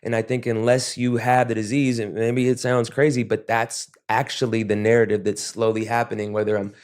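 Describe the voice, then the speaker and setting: A man as an interview guest, speaking reflectively and haltingly with many restarts. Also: mid-range voice, flat delivery, a little mellow. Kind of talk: podcast interview.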